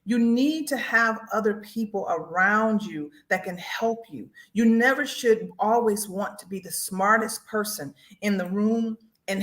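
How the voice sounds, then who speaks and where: A woman hosting a faith broadcast. She tells a personal testimony, talks straight to her listeners and acts out what people said to her. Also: a little high. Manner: animated storyteller, acts out quotes, addresses listeners as y'all.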